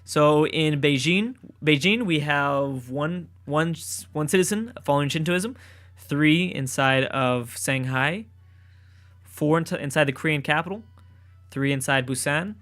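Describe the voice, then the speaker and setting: A man's voice: a little high, measured pace. Man thinking aloud over a strategy game. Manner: thinks aloud, repeats phrases, excited outbursts. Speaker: let's play gamer. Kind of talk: casual gameplay commentary.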